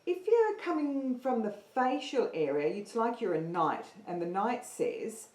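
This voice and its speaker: Animated woman teaching singing, echoey room. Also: fairly high pitch, moderate pace, hardly any pauses. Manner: upbeat, counting in students, animated. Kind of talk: online singing lesson livestream.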